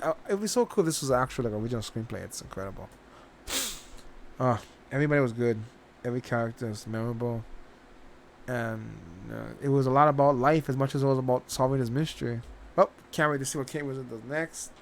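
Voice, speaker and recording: A man's voice: medium pitch, slight background noise. A man hosting a reaction channel, giving a rambling, casual spoken review, often restarting his sentences and swearing now and then.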